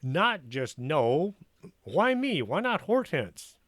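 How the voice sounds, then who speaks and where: A man's voice: fairly high pitch, very animated, takes it slowly, fairly bright tone, dry recording, clean studio sound, pitched above the performer's own voice, heavily acted. A man voicing a nervous, reluctant man who protests in a whiny way, in a storybook reading. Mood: protesting.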